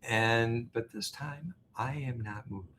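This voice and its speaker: A man, an interview guest, telling a story in a casual, halting way, full of fillers and restarts. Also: mid-range voice, slight background noise. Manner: animated, laughing storyteller. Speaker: interview guest, business founder.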